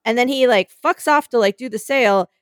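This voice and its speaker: A young woman in casual conversation, telling a story with lively acted-out voices and the odd swear word. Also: on the high side, normal speed, no room sound, clean studio sound. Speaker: co-host.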